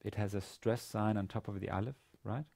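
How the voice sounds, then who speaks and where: A man lecturing on a language lesson, speaking haltingly with many fillers and restarts. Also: on the low side, steady tone, creaky, darkish tone. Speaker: university lecturer.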